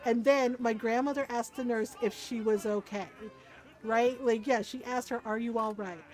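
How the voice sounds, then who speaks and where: Animated woman telling stories on a stream. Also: on the high side, moderate pace, soft background music, low-quality recording. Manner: animated, laughs often, keeps asking "right?". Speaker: game streamer. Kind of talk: casual storytelling chat.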